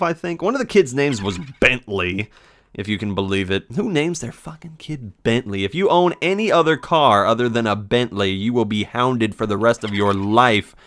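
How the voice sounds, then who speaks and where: A man's voice: on the low side, fairly bright tone. A man in his twenties, a game commentator telling a casual story in a sarcastic, profane way. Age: 20s.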